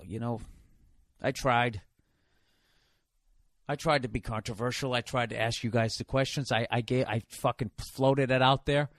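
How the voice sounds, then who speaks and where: A man's voice: mid-range voice, steady tone, moderate pace, long pauses, no echo, studio quality. A man hosting a podcast, delivering a sarcastic, profane comedic rant. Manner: swears constantly, sarcastic and ranting. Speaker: podcast host.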